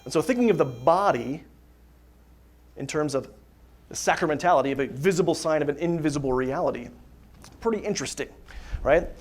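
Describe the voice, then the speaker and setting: Man, somewhat high voice, casual catechism talk to parents, rhetorical questions, keeps checking in with "right?". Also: lively intonation, fairly quick, pauses often. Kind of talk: live faith talk to a parent group. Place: parish hall dinner gathering.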